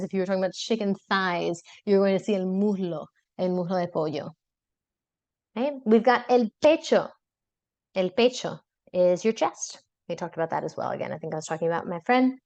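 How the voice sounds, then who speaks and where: A young adult woman gives a relaxed podcast lesson, explaining each word patiently and saying it again slowly. Her voice sits a little low, and the dry sound suggests a small quiet room close to the mic. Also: no room sound. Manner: explains patiently, repeats words slowly, casual asides. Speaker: Spanish teacher and podcast host.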